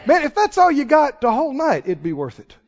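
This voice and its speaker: A man preaching a sermon as pastor, folksy and emphatic, with sudden loud swells and drawn-out words. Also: very high voice, wildly swooping pitch. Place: church sanctuary. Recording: muffled recording in a reverberant church hall.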